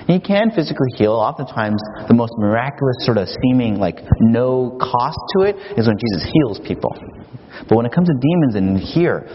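A male pastor preaching a sermon in an animated, emphatic storytelling manner. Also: mid-range voice. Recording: echoey hall, dull, faint hiss.

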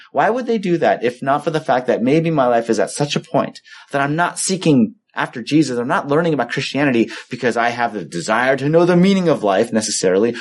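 Man, pastor, online sermon, conversational, acts out the story's voices, lively pitch.

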